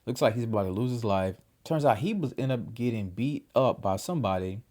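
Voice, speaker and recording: A man's voice: mid-range voice, fairly quick. A man giving a casual, slangy, chatty recap of a TV episode as the host of his own review channel. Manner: slangy, chatty, animated retelling. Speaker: TV show reviewer.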